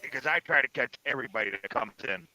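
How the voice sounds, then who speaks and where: A man in casual chat on a live stream, joking and telling animated stories. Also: medium pitch, quick pace, low-quality recording.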